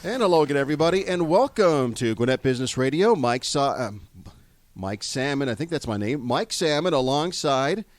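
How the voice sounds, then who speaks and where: Upbeat male talk radio host, high-ish animated voice, dry studio mic. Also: brisk, dry recording, soft background music. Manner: upbeat, lively delivery with ad reads. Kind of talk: live business radio interview.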